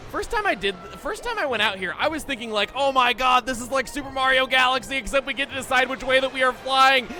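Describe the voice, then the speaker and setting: A young man streaming a game, talking through it in an animated, chatty, self-mocking way, over game music. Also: on the high side. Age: young adult. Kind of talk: gameplay commentary.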